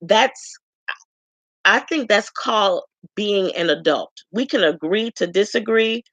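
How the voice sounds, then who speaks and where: A woman from Chicago giving a frank, chatty self-introduction to her viewers, pausing often with ums. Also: medium pitch, a bit bright, dry recording. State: tearful at times. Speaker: vlogger introducing herself. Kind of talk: casual self-introduction to camera.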